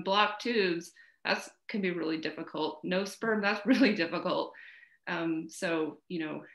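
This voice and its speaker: A woman's voice: fairly low pitch, gravelly, a bit bright. A woman hosting a podcast, talking conversationally with many "you know"s and "right?"s. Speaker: podcast host. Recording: echoey room.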